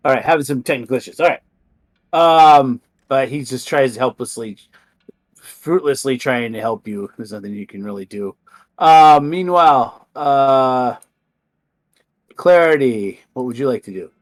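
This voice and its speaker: A man's voice: mid-range voice, measured pace, dry recording. Young guy game mastering a horror campaign, lots of ums, mid voice, dry close sound. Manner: hesitant, many ums and restarts. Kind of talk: narrating a tabletop horror game.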